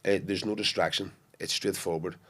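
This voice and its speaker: A guest actor with a Belfast accent chats on a casual podcast, his low voice fairly quick with a breathy edge. He tells stories animatedly, acting out quotes and often restarting his sentences.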